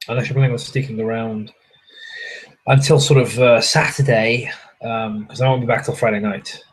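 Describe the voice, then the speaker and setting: A man's voice: medium pitch, breathy edge, poor audio. A young adult man, hosting a casual livestream from a hotel room and answering chat in a rambling way, swearing freely and poking fun at himself.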